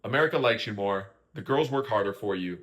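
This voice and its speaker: Bright-voiced chatty man hosting a recap. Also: lowish voice, expressive, fast talker. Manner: chatty, keeps asking "right?" and "you know what I mean?", acts out quoted lines. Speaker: host. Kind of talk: casual opinionated reality-show recap.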